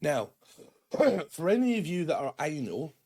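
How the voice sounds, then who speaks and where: A British man giving a rambling, casual tarot reading to camera, tagging his points with "okay" and "right" and acting out quick quoted voices. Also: a little high, sing-song, mellow, slightly rough. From Britain. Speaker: tarot reader.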